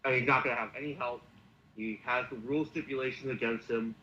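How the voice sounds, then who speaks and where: A man's voice: medium pitch, fairly even intonation, fast, pushed and bright, highs cut off, slight background noise. A man co-hosting a podcast, casually narrating a fantasy wrestling storyline. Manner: acts out wrestlers' lines in quoted voices.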